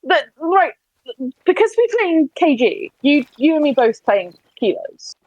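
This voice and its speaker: A young woman with a Somerset accent chats on a gaming stream. Her voice sits fairly high and swings up and down a lot. She talks in a chatty, giggly way and often pokes fun at herself. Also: sing-song, measured pace, a little mellow, no room sound, muffled recording. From Somerset, England. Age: 20s. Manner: chatty, giggly and self-deprecating. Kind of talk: casual chat while gaming.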